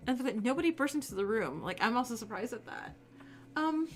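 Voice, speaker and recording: A woman streamer giving casual, animated let's-play commentary and laughing often. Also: a little high, moderate pace, pauses often, faint music behind. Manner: giggly, animated reactions.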